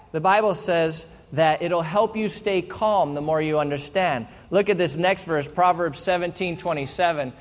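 A man preaching a sermon as pastor, calm and teacherly, leading his congregation to read verses aloud. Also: on the high side. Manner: calm, teacherly, leads the crowd in reading aloud. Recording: long hall reverb.

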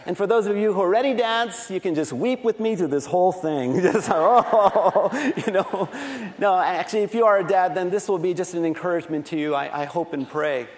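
A man's voice: sits high, fast talker, long reverb tail. A middle-aged man preaching a sermon, telling family stories with a laughing, self-deprecating manner. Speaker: pastor.

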